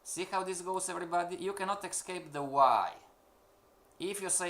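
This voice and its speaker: A man leads a live-streamed lesson, hammering home his points with repeated questions. His voice sits fairly high, with a gravelly edge and a bright, forceful tone. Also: a little fast. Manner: emphatic, questioning, repeats himself. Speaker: forex trading instructor. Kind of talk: live-streamed trading lecture.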